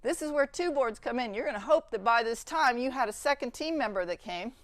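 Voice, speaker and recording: A woman instructor leading a hands-on training demonstration, brisk and practical, often checking in with "okay?". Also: a little high, animated, dry recording.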